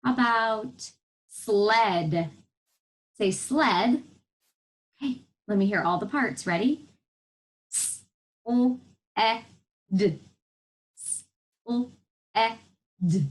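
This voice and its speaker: A woman's voice: a little high, poor audio. A woman teacher giving a televised reading lesson to first graders, encouraging and patient as she walks them through sounds in words. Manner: slow, lively, encouraging teacher talk to young children.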